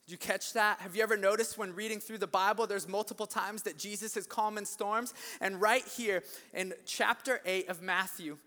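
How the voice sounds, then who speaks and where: High, bright-voiced preacher in a big hall. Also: male voice, moderate pace. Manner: animated storytelling, acts out voices, rising to shouts. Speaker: pastor. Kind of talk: energetic sermon. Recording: long hall reverb.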